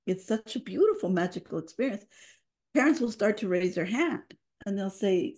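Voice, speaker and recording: A woman's voice: medium pitch, animated, moderate pace, a little mellow. A woman leading a family program, telling earnest, emotional stories in a podcast interview and slipping into Spanish phrases. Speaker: family engagement program leader, guest. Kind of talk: heartfelt storytelling in a podcast interview.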